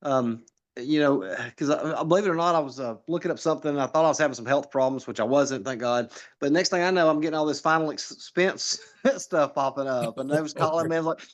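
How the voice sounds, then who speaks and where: Fast-talking man telling rambling stories. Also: fairly high pitch. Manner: rambling storyteller, laughs at own stories, restarts often. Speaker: political candidate guest. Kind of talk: casual podcast chat.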